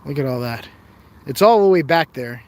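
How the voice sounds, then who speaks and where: A man's voice: medium pitch, expressive, normal speed, a little hiss or hum. A tired man chatting casually on a phone live stream while he explores outdoors, rambling, joking and reading viewer comments aloud. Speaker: livestream host exploring outdoors. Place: outdoors on rough open ground. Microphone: phone camera held while walking.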